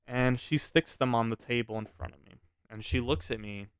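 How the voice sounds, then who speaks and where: Smooth-voiced man telling a wild story. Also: medium pitch, moderate pace, no echo, studio quality. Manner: animated, swearing freely, restarting sentences. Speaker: vlogger telling a personal story. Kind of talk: casual storytime monologue.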